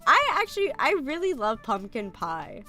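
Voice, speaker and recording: A woman's voice: on the high side, big pitch swings, normal speed, pushed and bright. A sick woman streamer with a light American country accent, chatting casually and bluntly, laughing often and coughing. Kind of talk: casual live-stream chat.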